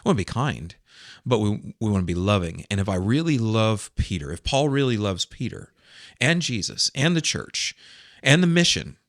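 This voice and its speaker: A man, a pastor, talking in a casual podcast discussion with earnest, animated emphasis. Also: fairly low pitch, moderate pace, few pauses, no room sound, studio quality.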